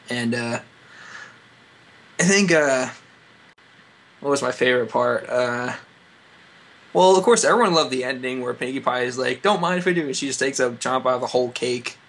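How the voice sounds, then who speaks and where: A man's voice: medium pitch, moderate pace, pauses often, fairly bright tone. A man chatting casually on a podcast, jokey and rambling. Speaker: podcast guest. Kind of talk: casual chat.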